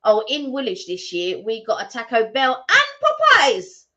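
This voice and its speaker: A woman's voice: fairly high pitch, huge pitch swings, a little slow, bright, forceful tone. A woman co-hosting a casual live stream, telling rambling stories with lots of restarts. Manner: chatty, rambling storyteller with many restarts. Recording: slightly muffled lo-fi stream audio.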